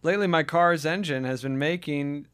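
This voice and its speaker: A man's voice: a little high, normal speed, fairly bright tone, clean tone. A man hosting a podcast in casual chat, giggly and often restarting his sentences. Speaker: podcast host.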